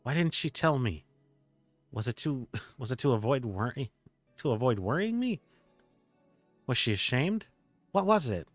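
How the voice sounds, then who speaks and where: Guy voicing a tired guarded bartender lady, low and dry, stammers a lot, bit of music behind. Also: dry recording, lightly acted. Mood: frustrated. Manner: halting, stammering restarts. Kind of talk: game dialogue read aloud by a streamer.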